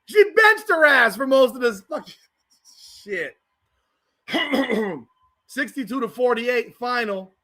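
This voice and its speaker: A man's voice: extremely high pitch, animated, slow, sharp tone. A man from South Florida hosting a live watch-party podcast, ranting profanely and heatedly over the game. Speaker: podcast host.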